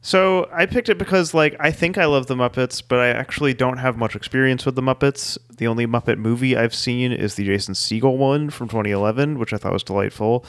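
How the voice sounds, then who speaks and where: A man co-hosting a casual podcast chat, dropping wry deadpan asides. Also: mid-range voice, clean tone, dry recording. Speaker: podcast co-host.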